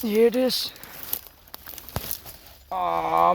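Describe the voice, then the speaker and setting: A fairly high, somewhat dark and animated male voice moves slowly through a rambling outdoor vlog. He curses constantly and grunts forcing his way through thick bushes and trees, and the noisy audio catches rustling foliage and a dog barking.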